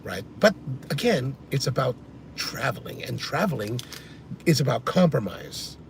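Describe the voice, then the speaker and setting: A man's voice: mid-range voice, very animated, a little slow, gravelly. A man chatting casually while driving, answering viewer comments and rambling through stories. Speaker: coffee vlogger. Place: inside a car on the highway. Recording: car interior with faint road noise.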